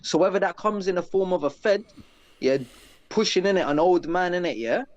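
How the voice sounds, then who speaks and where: A man's voice: sits high, lively intonation, brisk, muffled recording. A man, a guest on a casual live chat, talking earnestly in street slang with constant tag questions.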